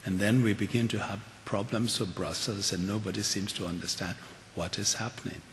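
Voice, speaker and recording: Older man with a very low voice in a hall. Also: steady tone. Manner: measured, earnest, frequent restarts. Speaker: keynote speaker. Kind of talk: lecture and audience Q&A. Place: large auditorium. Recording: hall reverb with faint hiss.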